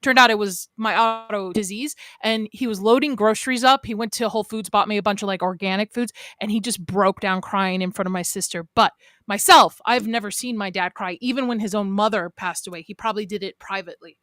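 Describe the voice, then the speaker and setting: A young woman in casual podcast chat, teasing and expressive. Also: mid-range voice, brisk, no room sound. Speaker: podcast co-host.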